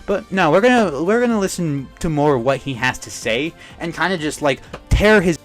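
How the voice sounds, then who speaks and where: A young man delivers heated reaction commentary, ranting and swearing as he builds up steam. His voice sits a little high for a man. Soft music plays faintly underneath. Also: expressive, moderate pace. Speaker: commentary YouTuber.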